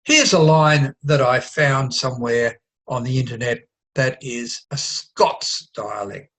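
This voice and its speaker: A man giving an online lesson on writing dialogue, explaining in an easygoing way and sometimes acting out quick bits of overheard chatter. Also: medium pitch, fairly bright tone. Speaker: writing teacher.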